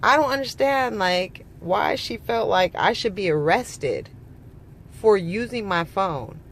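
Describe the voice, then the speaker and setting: A woman's voice: medium pitch, animated, takes it slowly, creaky, a little hiss or hum. A woman from California, a mother, telling a story in a heated, profane vlog rant, quoting people back and forth. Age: adult mother. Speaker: vlogger.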